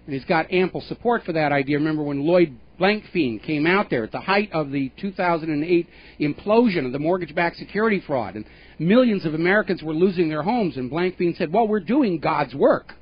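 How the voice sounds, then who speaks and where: A man's voice: fairly high pitch, animated, fairly quick. A male radio talk show host giving opinionated political commentary in an emphatic, pointed way, with scornful asides. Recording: dull lo-fi radio broadcast.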